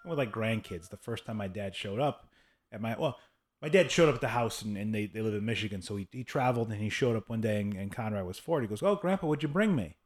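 A man in his thirties hosts a relaxed interview chat. His voice sits a little low, and he talks frankly and swears freely. He slips into quick put-on voices when he retells a scene. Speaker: podcast host.

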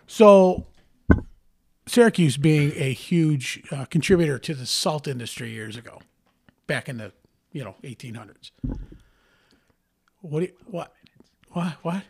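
A man co-hosting a relaxed talk show from Central New York, swinging his pitch up and down as he tells a story. His voice sits a little higher than most men's, and the jokes come fast and loose. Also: creaky, breathy edge. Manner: joking, storytelling, lively. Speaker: co-host. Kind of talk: casual chat.

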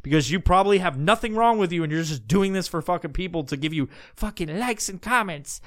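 A man's voice: high voice, expressive, brisk, hardly any pauses, fairly bright tone, no room sound, clean studio sound. A man hosting a podcast, ranting crudely and heatedly, breaking into mocking impressions. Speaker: podcast host. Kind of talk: profane comedic rant.

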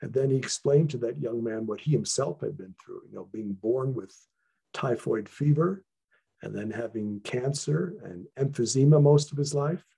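A man speaking as an interview guest, sharing serious stories about his training in an earnest, measured way with frequent restarts. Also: mid-range voice, gravelly, warm tone, breathy edge. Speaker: guest, traditional healer. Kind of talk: interview, reflective storytelling.

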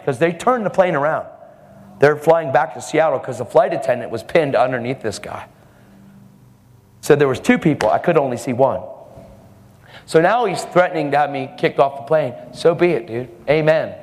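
In a church service hall, a man with a slightly high voice preaches a sermon at normal speed. He tells a testimony story fervently and emphatically, and the hall's reverb is audible in the recording.

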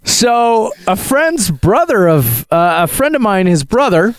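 Lively, good-humored man telling stories. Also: high voice, slow pace, clear, resonant tone, no room sound, studio quality. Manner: good-humored, self-deprecating storyteller. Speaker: podcast co-host. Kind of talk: casual chat.

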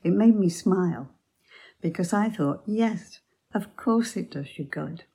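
A woman giving a devotional Bible talk, telling the story slowly and sinking to soft near-whispers. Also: lowish voice, expressive, slightly rough, rough recording. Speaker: Bible teacher.

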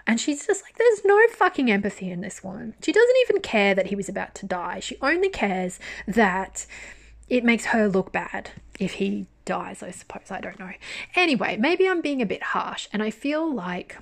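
A woman's voice: mid-range voice, normal speed, creaky. Candid woman reviewing a drama. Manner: candid, animated, swears freely. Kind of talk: casual chat.

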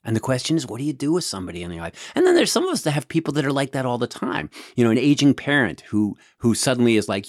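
A man's voice: medium pitch, sing-song, brisk, dry recording, clean studio sound. A man hosting a podcast, telling a story in a casual monologue, with many restarts and repeated words. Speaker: podcast host.

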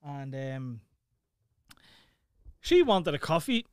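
Young dublin guy telling a story, cursing a lot, kinda high voice, dry sound. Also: slow pace, clean tone, no room sound. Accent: Dublin Irish. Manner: swearing, animated retelling. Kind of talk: casual storytelling chat.

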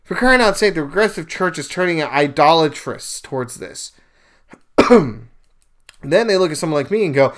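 A podcast host whose voice sits a little high speaks at a normal speed while informally retelling a scripture story and adding his religious take. Animated and emphatic, he acts out the speakers he quotes and keeps it conversational, peppered with fillers and tangents.

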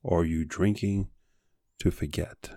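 Blunt, low-voiced male podcast host. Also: fairly even intonation, dark tone, no room sound, studio quality. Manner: blunt, challenging, profane; rapid rhetorical questions. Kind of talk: motivational monologue.

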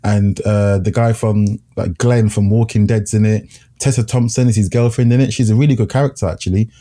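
A man co-hosting a podcast, chatting casually about films in a relaxed way and laughing easily. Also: lowish voice, a little fast. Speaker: podcast co-host. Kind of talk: casual film review chat.

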